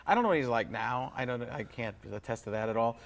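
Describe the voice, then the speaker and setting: A man's voice: mid-range voice, animated, fast, vocal fry. A comedian guest on a talk show, rambling and joking in a self-mocking way, often restarting his sentences. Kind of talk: casual talk-show interview.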